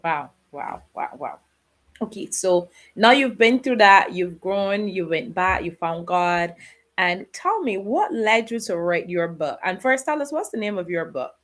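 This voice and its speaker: A woman's voice: mid-range voice, big pitch swings, measured pace, fairly bright tone. A woman hosting a podcast, encouraging her guest with her questions. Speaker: podcast host. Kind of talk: interview questions.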